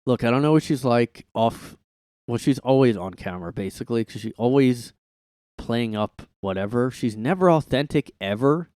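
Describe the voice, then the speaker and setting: A man's voice: mid-range voice, expressive, normal speed, a little mellow, dry recording. A man hosting a casual solo podcast from his room, rambling and swearing, packing his speech with "like", on a close mic. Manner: rambling, heavy "like" filler, profane. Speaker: podcast host.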